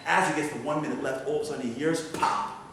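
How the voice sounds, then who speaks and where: A man telling a story as a guest speaker in a synagogue hall, animated and acting out the voices. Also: fairly high pitch, quick pace. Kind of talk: storytelling lecture. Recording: echoey hall from far off, noisy.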